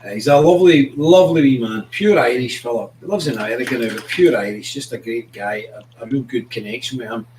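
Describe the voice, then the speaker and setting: A man's voice: medium pitch, fast, few pauses, noisy background. A man hosting a casual live-stream chat, rambling as he greets viewers and calls his dog. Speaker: host of an online political show. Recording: roomy, distant mic, faint ambience.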